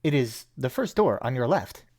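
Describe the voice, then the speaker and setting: A man voicing a calm male magical construct assistant, speaking in formal, clipped, machine-like phrases. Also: medium pitch, normal speed.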